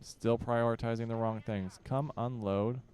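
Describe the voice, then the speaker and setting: A young gaming channel host offers casual commentary while playing a strategy game, barking orders at his units and grumbling in joking exasperation. His mid-range, darkish voice holds fairly even intonation at an unhurried pace. A little hiss or hum sits in the recording.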